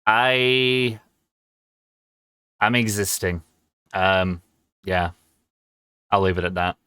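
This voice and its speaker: A young man talks to his stream chat in a low, relaxed voice, rambling with plenty of ums and quick laughs. The sound is dry and close, with no room echo around him. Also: smooth. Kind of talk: casual livestream chat with viewers.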